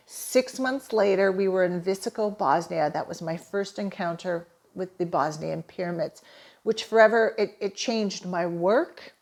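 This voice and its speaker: A woman's voice: medium pitch, moderate pace. A middle-aged woman from Canada, a holistic therapist, telling a personal story with earnest, emotional enthusiasm. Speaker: holistic therapist and manifesting coach.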